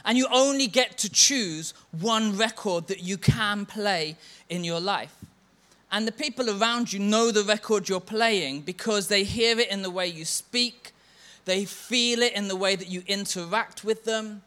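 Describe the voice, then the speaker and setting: A man's voice: sits high, measured pace, bright, forceful tone, clean tone. A church leader giving a sermon, telling stories and chanting a mocking refrain to make his point.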